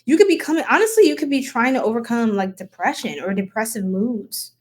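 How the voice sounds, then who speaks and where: A woman's voice: a little high, lively intonation, brisk. Giggly chatty woman tarot reader. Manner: chatty, giggly, goofing off with viewers; casual, talks to viewers as y'all. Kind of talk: live-stream tarot reading.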